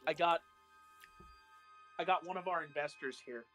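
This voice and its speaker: A man's voice: a little high, moderate pace, a bit bright, faint music behind. A man chatting casually on a live stream, telling stories with laughs. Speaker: theater actor and co-host.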